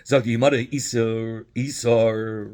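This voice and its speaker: A man's voice: mid-range voice, fairly even intonation, unhurried, darkish tone, slight background noise. A man teaching a Talmud study lesson, explaining by repeating phrases and asking questions, mixing in Hebrew and Yiddish terms.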